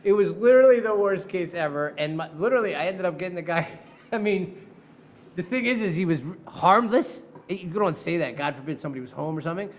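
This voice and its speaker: A man's voice: high-pitched, a little fast. A middle-aged man, a defense attorney, telling a courtroom story in casual chat, laughing often and swearing freely. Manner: profane, laughing, animated storyteller.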